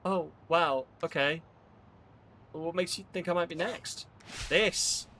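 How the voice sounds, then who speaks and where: A man on a live stream playing a game, reading its dialogue aloud and thinking out loud, with lively delivery. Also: a little high, slow, a little hiss or hum.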